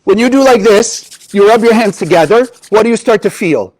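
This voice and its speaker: A man teaching Kabbalah in a spiritual lecture, animated and asking the audience rhetorical questions. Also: sits high, normal speed, low-quality recording.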